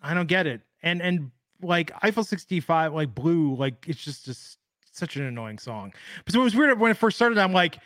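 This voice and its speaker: On a casual wrestling talk show, a male co-host chats in a fairly high, bright, animated voice at a moderate pace. He's opinionated and rambling, full of filler words, and the recording is clean studio sound with no room echo.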